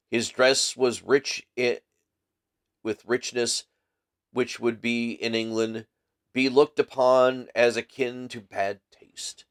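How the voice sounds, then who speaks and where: A man hosting a live book reading who reads a story aloud in a steady, measured way with the odd small slip. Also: medium pitch.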